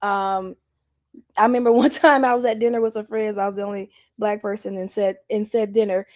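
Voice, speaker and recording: A woman's voice: mid-range voice, brisk. A young adult woman telling candid stories in an interview, laughing often and acting out what people said. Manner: animated, laughs often, acts out quotes. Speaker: guest.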